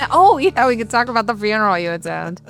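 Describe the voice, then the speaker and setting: A woman's voice: on the high side, sing-song, normal speed, over loud music. A woman hosting a podcast in casual chat. She is playful and laughs often while talking. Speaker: podcast host.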